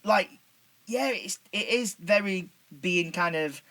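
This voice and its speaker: Bloke, slightly high, bright voice, sweary and rambling. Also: male voice, takes it slowly. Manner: swearing, filler-heavy, restarts. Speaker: podcast co-host. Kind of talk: casual chat.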